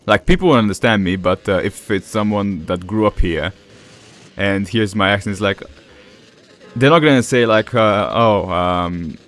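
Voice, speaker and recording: A man's voice: on the low side, normal speed. A man with an Eastern European accent chatting casually while playing a game, rambling along with fillers and chuckles. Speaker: gaming streamer. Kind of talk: casual gameplay commentary.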